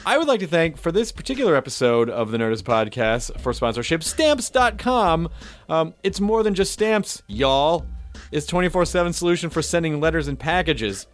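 A man's voice: a little high, sing-song, brisk. A man from the Southern United States hosting a podcast, chatting casually and playfully, with light jokes and ad reads. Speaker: podcast host.

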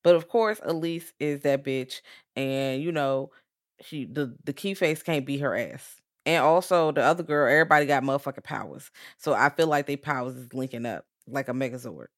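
A woman's voice: very deep voice, normal speed. Playful woman podcast co-host. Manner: playful, adds sound effects and blunt jokes. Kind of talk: casual chat.

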